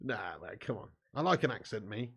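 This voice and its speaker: A man's voice: on the low side, expressive, brisk, fairly bright tone, husky. A man hosting a football watch-along stream, reading out viewer comments in casual, jokey banter and laughing often.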